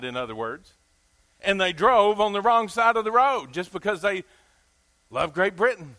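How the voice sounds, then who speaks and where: A Southern US preacher man with a notably high, ringing voice delivers a sermon. He talks in a folksy, emphatic way and keeps putting questions to his listeners. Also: pushed and bright.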